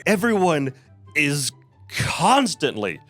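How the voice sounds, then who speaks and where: Sarcastic man ranting with lively pitch. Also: takes it slowly, soft background music. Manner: sarcastic, profane, exasperated. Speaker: game reviewer. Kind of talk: ranting video game review.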